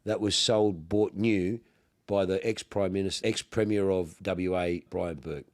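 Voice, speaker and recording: A man's voice: sits low, fairly even intonation, measured pace. An Australian man with a Melbourne accent, hosting a casual podcast chat and telling slangy, swearing stories, acting out what people said. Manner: broad slangy storyteller, swears freely, acts out quotes. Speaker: podcast host, car dealer.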